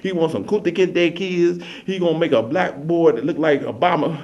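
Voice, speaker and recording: A man's voice: fairly high pitch, steady tone, moderate pace, darkish tone, highs cut off, close to an everyday voice. A man voicing a young woman in love, who pleads with her rich father in a doting, rambling way. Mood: pleading.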